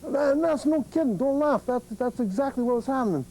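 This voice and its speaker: A man telling a group of students about his accident in an animated, salty way, laughing often. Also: very high-pitched, fairly quick, a little hiss or hum, low-quality recording. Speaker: accident survivor speaking to students. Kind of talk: personal story told to a group.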